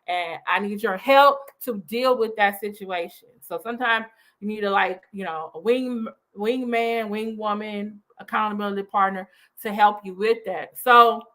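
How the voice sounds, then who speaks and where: A woman's voice: on the high side, sharp tone. A woman hosting a reaction commentary, chatty and loose, with lots of fillers. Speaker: host reacting to a video.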